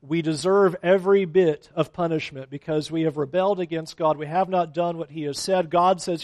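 A man's voice: high voice, moderate pace, few pauses, no room sound. A man preaching a sermon as a pastor, acting out quotes of complaining people along the way.

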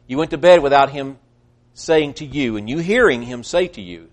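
A man preaching a sermon earnestly, swinging between loud emphasis and hushed, quiet passages. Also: mid-range voice, lively intonation, moderate pace. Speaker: pastor.

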